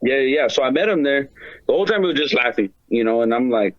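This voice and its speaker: A man's voice: medium pitch, quick pace, no room sound, muffled recording. A man who is a guest on a podcast, telling stories in casual chat, full of slang, swearing and fillers. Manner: profane slang-heavy storytelling, many fillers.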